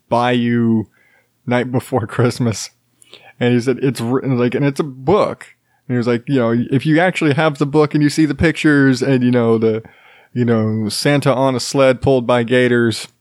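A man's voice: mid-range voice, a little mellow, no room sound, studio quality. A man hosting a podcast alone, rambling in casual chat with many fillers and restarts and chuckling now and then. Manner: chuckles while talking. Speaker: podcast host. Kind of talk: solo casual monologue.

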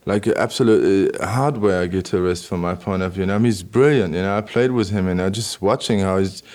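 Halting low-voiced man, endless fillers. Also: darkish tone. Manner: halting, constant "you know" fillers, frequent restarts. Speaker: electronic musician guest. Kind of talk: conversational interview answers.

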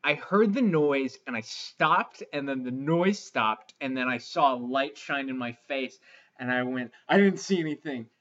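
A man's voice: medium pitch, measured pace, fairly bright tone. A young man co-hosts a podcast, telling crude stories in a loose, rambling way full of fillers. The recording sounds slightly dull. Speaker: podcast co-host. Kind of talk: casual comedic chat.

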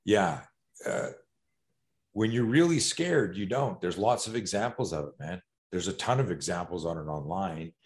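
A man with a fairly low voice talks like the fight coach he is, in a loose, conversational flow. He tells stories with energy, drops the odd curse word and often starts his sentences over. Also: normal speed. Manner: animated storyteller, swears, frequent restarts. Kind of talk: casual podcast conversation.

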